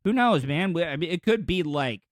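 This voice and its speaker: Male podcast host, slightly high voice, dry close sound, rambling comic riffs. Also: expressive, moderate pace, no room sound. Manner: rambling, crude joking asides. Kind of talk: comedic news commentary.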